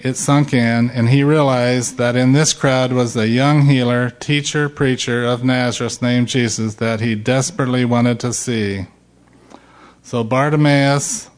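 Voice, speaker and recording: Man, middle-aged, preacher, unhurried, mid-pitched, emphatic delivery. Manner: slow, emphatic preaching, rising loud when quoting shouts. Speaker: pastor. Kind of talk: sermon.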